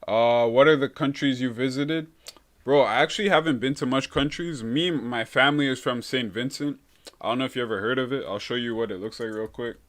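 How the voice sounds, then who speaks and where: A man's voice: mid-range voice, fairly quick, fairly bright tone. Laid-back young guy chatting. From Canada. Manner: laid-back, calls everyone bro. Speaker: live-stream host. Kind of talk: casual chat reading viewer comments.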